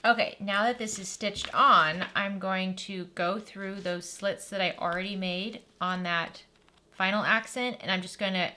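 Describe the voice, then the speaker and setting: A woman's voice: mid-range voice, steady tone, unhurried, pushed and bright. A woman giving a chatty step-by-step sewing tutorial, thinking aloud as she works. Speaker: sewing instructor.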